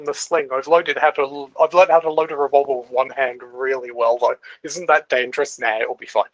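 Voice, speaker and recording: A man's voice: mid-range voice, fairly even intonation, a little fast, natural voice, low-quality recording. A man playing a reckless survivalist in a tabletop game, voicing him in a boastful, cocky way. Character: reckless daredevil male survivalist.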